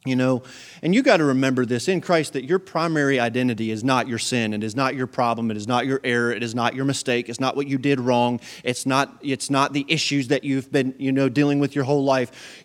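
A man's voice: medium pitch, steady tone, a little fast. A male pastor delivering a sermon, preaching emphatically with repeated phrases and big swings in volume.

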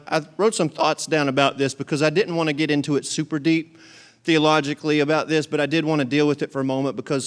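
Animated preacher man, high voice. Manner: animated, reads scripture aloud then explains in casual asides; jokes and talks to the congregation. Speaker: pastor. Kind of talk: sermon.

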